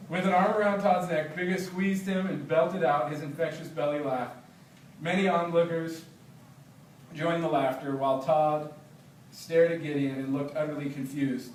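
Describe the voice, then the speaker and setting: A man, an author, telling stories and reading his book aloud to a library discussion group in an animated, laughing manner. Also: on the high side, normal speed, a little hiss or hum. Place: library meeting room. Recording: roomy, distant, faint background.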